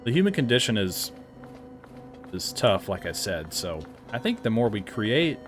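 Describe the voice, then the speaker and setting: A man's voice: on the low side, sing-song, normal speed, soft background music. A man giving casual, rambling commentary as a game reviewer, often correcting himself mid-sentence. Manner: rambling and chatty, with frequent self-corrections.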